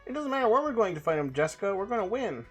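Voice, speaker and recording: A man's voice: high voice, very animated, rapid-fire, fairly bright tone, faint music behind, pitched above the performer's own voice. A man voicing a cocky, brash young man in a game let's play.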